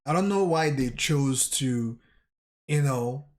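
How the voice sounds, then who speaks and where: A man vlogger recapping a manga chapter in a casual way, telling the scenes with pauses and correcting himself as he goes. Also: medium pitch, animated. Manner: recounts scenes haltingly, with pauses and self-corrections.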